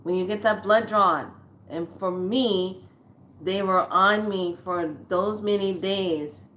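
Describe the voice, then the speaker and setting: A woman's voice: medium pitch, slow pace, a bit bright. A woman in her sixties telling a personal story to her viewers in a chatty, blunt, earthy way, calling them lovelies. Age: 60s. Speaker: spiritual vlogger. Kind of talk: casual storytelling to camera.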